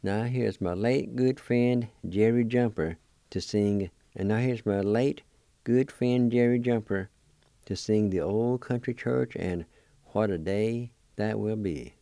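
A man's voice: fairly low pitch, slow pace, mellow, smooth, no room sound. A man hosting a program, announcing the next singer in a plain way. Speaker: radio host.

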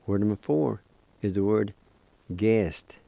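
A man with a low, mellow voice leads a language lesson. He speaks at a very unhurried pace, sounding each syllable out and repeating words for beginners. The recording is close and dry. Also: gravelly, no echo. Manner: slow, deliberate, repeats and spells out syllables; encouraging toward beginners. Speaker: language teacher, weekly program host.

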